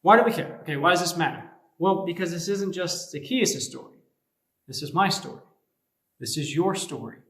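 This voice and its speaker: A man's voice: a little high, normal speed, fairly bright tone. A man giving a youth sermon as a youth pastor, talking casually and conversationally with everyday comparisons. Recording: echoey room.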